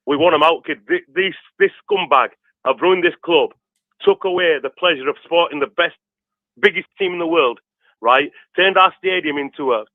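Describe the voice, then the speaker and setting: A man in his fifties with a Yorkshire accent, calling in to rant passionately, tacking "kid" onto nearly every pause. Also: a little high, dry recording. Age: 50s. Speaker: caller. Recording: tinny phone line.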